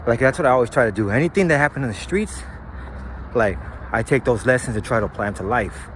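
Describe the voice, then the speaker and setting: A man's voice: medium pitch, fast talker, fairly bright tone, a little hiss or hum. A man telling a story from his own life in a loose, slangy, profane way. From San Gabriel Valley, California. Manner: laid-back, slangy and profane, loose rambling delivery. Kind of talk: casual storytelling monologue.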